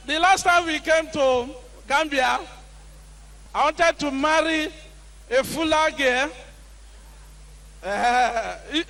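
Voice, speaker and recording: A young man with a Nigerian accent doing animated stand-up comedy on a live stage, acting out the people in his stories. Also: very high-pitched, poor audio. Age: young adult. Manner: animated storytelling, acts out quoted characters with shouts.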